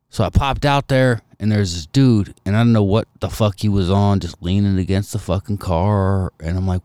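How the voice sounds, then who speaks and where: Low-voiced man telling profane stories. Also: normal speed, clean tone, no echo. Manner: profane, animated retelling with quoted dialogue. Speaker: podcast co-host. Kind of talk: casual storytelling with crude humor.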